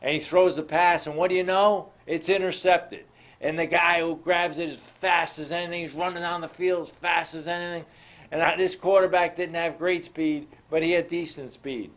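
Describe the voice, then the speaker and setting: A man with a slightly high voice gives a motivational talk, calling his listeners "folks". He moves from story to story and drives his points home with rhetorical questions. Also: steady tone, normal speed, fairly bright tone. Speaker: motivational show host.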